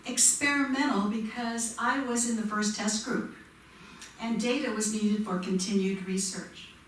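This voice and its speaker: A woman's voice: fairly high pitch, fairly even intonation, a little slow, far from the mic, a little hiss or hum. A woman from the congregation sharing a personal story in a conversational way, with touches of self-deprecating humor. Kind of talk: personal testimony. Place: church sanctuary. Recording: echoey church room, mic from afar.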